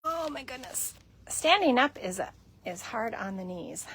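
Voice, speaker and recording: A woman chatting casually on a livestream from a cat shelter room, cooing softly at the cats as she films on her phone. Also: fairly high pitch, lively intonation, a little slow, slightly rough.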